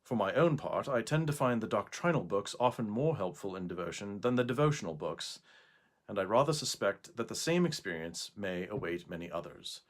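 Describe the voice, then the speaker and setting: A man reading a scholarly prose passage aloud in an attempted English accent, measured and deliberate, recorded indoors. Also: fairly low pitch, expressive, lightly acted. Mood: earnest.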